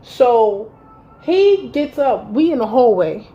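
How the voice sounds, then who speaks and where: A woman around thirty telling a story to camera in a vlog, blunt and animated, with heavy swearing. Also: fairly high pitch, slow, highs cut off. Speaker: vlogger. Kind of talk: storytime vlog, recounting a fight.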